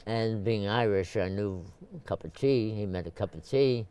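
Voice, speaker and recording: An older man from Brooklyn, telling stories at a rambling pace, full of fillers and restarts, and clearing his throat often. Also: lowish voice, normal speed, mellow. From Brooklyn, New York. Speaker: photographer, interview guest. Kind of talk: casual storytelling interview.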